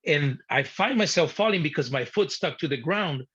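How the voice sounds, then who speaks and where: A man telling a personal story in an interview, animated and blunt, acting out his younger self and swearing at times. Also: fairly high pitch, normal speed, slightly rough. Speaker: guest. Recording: dull lo-fi sound.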